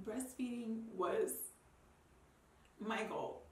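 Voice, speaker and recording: A woman's voice: lowish voice, steady tone, normal speed, a little hiss or hum. A young woman and new mother talking to camera in a heartfelt, rambling way with many ums and restarts. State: tearful at times. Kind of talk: personal talk to camera. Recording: roomy sound, mic a bit distant.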